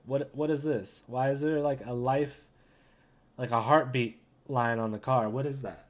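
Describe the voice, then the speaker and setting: A man hosting a gaming channel, reading a comic with viewers in an excitable, chatty way and talking straight to them. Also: medium pitch, unhurried. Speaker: gaming YouTuber. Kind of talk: casual read-along commentary.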